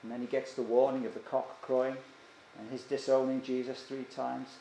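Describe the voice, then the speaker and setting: A man's voice: mid-range voice, little pitch movement, moderate pace, vocal fry, mellow, slight background noise. A man preaching a sermon earnestly, often asking his listeners questions. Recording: echoey church room, faint ambience.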